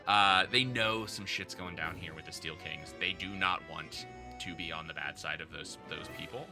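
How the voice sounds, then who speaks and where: Male game master, casual narration, lowish voice, faint music underneath. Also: normal speed. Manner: casual, chatty, with many fillers.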